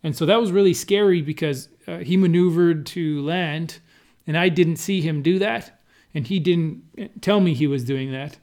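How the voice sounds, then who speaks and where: A man casually recounting flights at an air race event, pausing and restarting often and laughing now and then. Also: a little high, darkish tone. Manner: halting, many restarts and fillers, laughs while telling. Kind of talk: casual conversational recollection.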